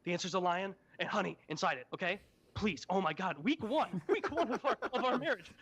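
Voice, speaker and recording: A man's voice: sits high, lively intonation, a little fast, a bit bright, breathy edge, full character voice. A man playing a fed-up, newly married biblical strongman who whines and swears in exasperation. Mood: exasperated. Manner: whiny, profane, exasperated.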